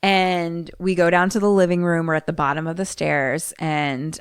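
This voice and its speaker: A woman's voice: lowish voice, normal speed, clean tone, dry recording, clean studio sound. A woman co-hosting a podcast, casually retelling a movie scene and acting out its characters. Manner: animated storyteller, acts out characters. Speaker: podcast co-host.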